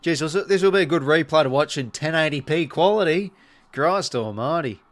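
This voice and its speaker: Excitable Australian man calling footy live. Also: a little high, brisk. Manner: excitable play-by-play, chatty asides to viewers. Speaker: live stream commentator. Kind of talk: casual live watch-along commentary.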